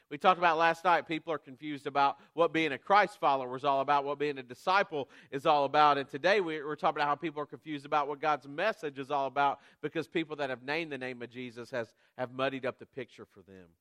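A man in his thirties preaching a sermon, self-deprecating and conversational, with animated storytelling that builds to loud peaks. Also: on the high side, no echo. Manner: animated storytelling, rising to near shouts at climaxes. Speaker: guest preacher.

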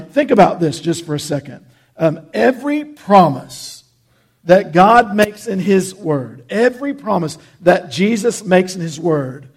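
A man's voice: sits high, a little mellow, slightly rough. A man preaching a sermon as a pastor, earnest and conversational, with frequent restarts. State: choked up with emotion.

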